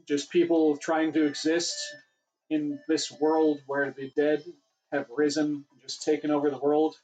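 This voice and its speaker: A man's voice: fairly high pitch, flat delivery, measured pace, dark tone, faint music behind, rough recording. A man hosting a casual livestream Q&A, rambling and correcting himself, his voice getting worn. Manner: rambling, self-correcting, chatty. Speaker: livestream host answering questions.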